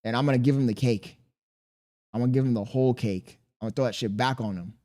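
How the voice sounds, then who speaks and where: A young man talking on his livestream at a deliberately slow, laid-back pace. His pitch sits in an ordinary middle range, and he swears freely and answers his chat as he goes. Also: mellow. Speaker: streamer. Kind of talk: casual stream chat.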